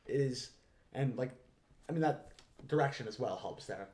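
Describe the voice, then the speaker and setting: A young man co-hosting a casual film podcast, excitable and quick to laugh, often restarting his sentences. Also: mid-range voice. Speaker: podcast co-host. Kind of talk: casual chat.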